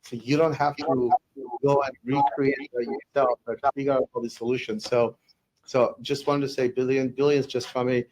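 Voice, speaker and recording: A man speaking on a business webinar panel at a middling pitch. He rambles through his points and keeps restarting his sentences. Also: flat delivery, moderate pace, darkish tone, poor audio. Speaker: tech company executive.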